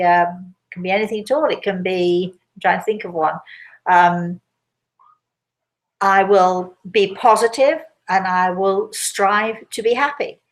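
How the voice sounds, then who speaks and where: A woman's voice: mid-range voice, gravelly, a bit bright, low-quality recording. An older woman and spiritual medium, answering audience questions in a chatty, repetitive way with frequent restarts. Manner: chatty, repeats phrases, restarts often. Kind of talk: casual live Q&A talk.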